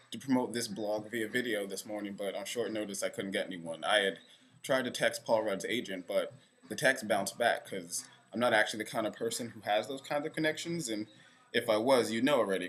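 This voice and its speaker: Young male vlogger, lowish voice, rambling and self-mocking, talking straight to camera. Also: a bit bright. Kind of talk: casual direct-to-camera vlog. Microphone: camera facing speaker.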